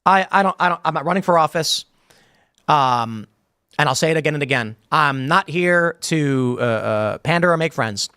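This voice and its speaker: A man's voice: a little high, expressive, moderate pace, sharp tone, clear, resonant tone, no room sound, clean studio sound. A man hosting a live show, reading chat comments and riffing on them in a rambling way, full of fillers and restarts. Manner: rambling, many fillers and repeated starts. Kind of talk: casual live-stream commentary.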